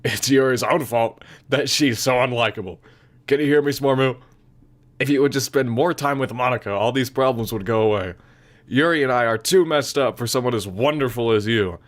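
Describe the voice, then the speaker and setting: A man voicing a cold, controlling teenage girl, speaking slowly and insistently. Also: medium pitch, natural voice.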